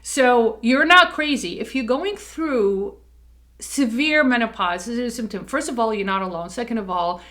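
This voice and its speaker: On camera, a middle-aged dental practice employee gives casual personal talk in a slightly high, a bit bright voice. She is candid and emphatic, with "like" and "okay" filling her speech.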